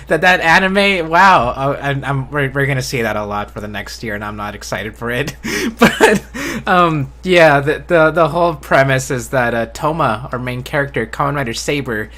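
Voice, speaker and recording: A man in casual live-stream talk, his voice bright and forward. He speaks in a flat, low-enthusiasm way, restarting his sentences with repeated words. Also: normal speed, few pauses. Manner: self-described monotone, low enthusiasm. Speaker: host.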